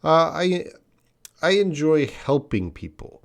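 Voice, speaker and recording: A man's voice: fairly high pitch, very animated, takes it slowly. A man, teaching English on a live stream, chatting casually and often restarting his sentences. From Canada. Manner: casual, restarts often, reads viewer comments aloud.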